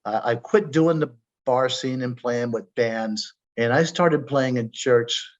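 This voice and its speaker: A man's voice: mid-range voice, slow. A man telling his own story as a podcast guest, earnest and emotional, often stumbling and repeating words. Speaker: stroke survivor guest. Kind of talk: personal storytelling. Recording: dull lo-fi audio.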